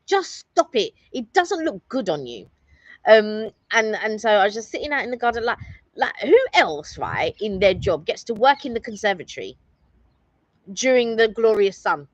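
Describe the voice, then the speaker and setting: A woman's voice: mid-range voice, very animated, moderate pace, dry recording, dull audio. A woman co-hosting a live stream, chatting casually and teasing her partner.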